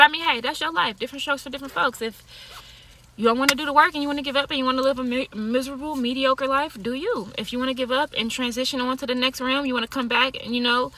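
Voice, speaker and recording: Woman vlogger, tarot and yoga type; blunt, profane, laughs a lot; bright, fairly high voice. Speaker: tarot card reader and yoga teacher. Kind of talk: casual monologue to camera.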